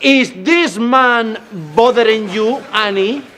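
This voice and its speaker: A man's voice: very high-pitched, slow, a bit bright, a little hiss or hum, exaggerated voice. A jokey Argentinian guy. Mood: playful. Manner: playful, teasing, jokey. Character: cheerful, protective young Argentinian man. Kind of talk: sitcom acting.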